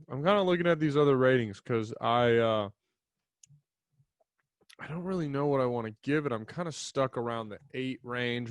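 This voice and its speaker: A man's voice: medium pitch, no echo, clean studio sound. A young man hosting his podcast alone, chatting loosely and rambling, with casual swearing. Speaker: podcast host. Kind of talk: casual solo podcast chat. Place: small home studio. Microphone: desk mic in front of a camera.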